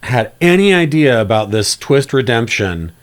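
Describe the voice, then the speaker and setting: A man co-hosting a film podcast, chatting casually with animated asides. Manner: animated, bouncing pitch, quick asides.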